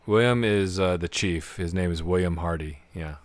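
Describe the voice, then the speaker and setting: A man's voice: low-pitched, normal speed, no room sound, studio quality. A man giving casual live commentary while playing a video game, chatty and self-deprecating, laughing often at his own mistakes. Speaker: game streamer.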